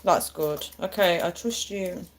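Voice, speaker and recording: A woman's voice: on the low side, unhurried, slight background noise. A woman hosting a live stream, chatting with viewers in a chatty and encouraging way. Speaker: livestream host.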